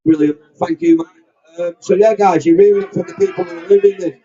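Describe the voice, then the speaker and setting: Man, rally organiser, informal instructions, mellow tone, dull outdoor recording. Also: high-pitched, fairly even intonation, brisk, husky, distant mic. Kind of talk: addressing a crowd outdoors. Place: outdoor street demonstration.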